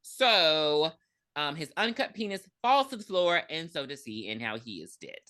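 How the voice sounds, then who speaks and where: A woman's voice: sits low, very animated, normal speed, bright, forceful tone. A woman co-hosting a podcast, casually recapping a film in a loose, rambling way, laughing and cursing as she goes. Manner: loose, rambling retelling with frequent laughs and profanity. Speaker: podcast co-host. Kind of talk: casual movie recap chat.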